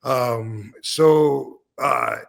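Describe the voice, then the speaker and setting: A man's voice: mid-range voice, very slow, vocal fry. A man hosting a podcast in casual chat, rambling with many fillers and restarts, and laughing between remarks. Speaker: podcast host.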